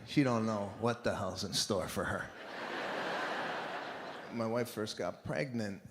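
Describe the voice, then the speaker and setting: A male stand-up comedian telling stories in an animated, exasperated way, slipping into acted-out voices. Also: medium pitch, slight background noise. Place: large theater with a live audience. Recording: live hall recording with crowd laughter.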